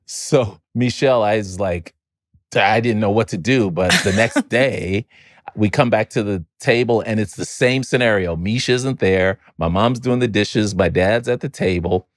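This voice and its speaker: A middle-aged man from Chicago, a podcast guest, telling a family story in an animated way and often repeating words while he finds his next thought. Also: fairly low pitch, moderate pace, no room sound, clean studio sound. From Chicago, United States. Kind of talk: storytelling in a conversational interview.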